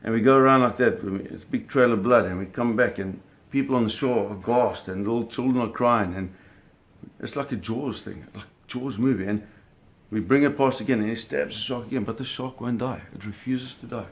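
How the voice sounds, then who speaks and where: A man's voice: medium pitch, fairly quick. A man telling a vivid personal story in a casual way, cursing freely and acting out the sounds and scenes. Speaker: storyteller recounting a personal experience.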